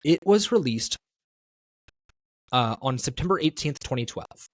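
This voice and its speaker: A man talks through his opinions on a casual podcast, rambling and self-correcting as he goes. His voice sits at an ordinary pitch and is recorded close and dry. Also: lively intonation, measured pace, no room sound. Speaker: podcast co-host.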